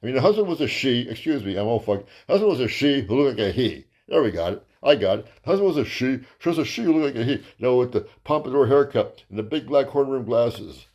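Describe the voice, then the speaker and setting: A man's voice: quick pace, few pauses. A man telling a rambling, profane stand-up story as host of his own comedy show. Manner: crude, profane, rambling with fillers; lively, jumps to high voices for quotes.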